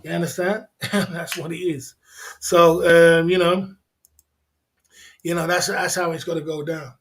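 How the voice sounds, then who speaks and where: A man hosting a livestream, talking casually and emphatically, repeating himself and laughing often. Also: fairly high pitch. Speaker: livestream host.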